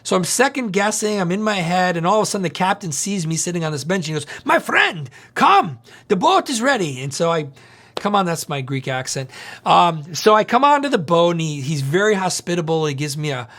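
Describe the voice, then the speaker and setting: A male pastor preaching through a story in an animated, conversational way, often asking the audience questions. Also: fairly high pitch, fairly quick. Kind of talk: storytelling sermon.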